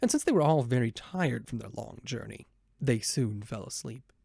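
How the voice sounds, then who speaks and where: Lively male storybook narrator. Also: mid-range voice, moderate pace, gravelly, slightly rough, dry recording, studio quality. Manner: expressive, animated storytelling.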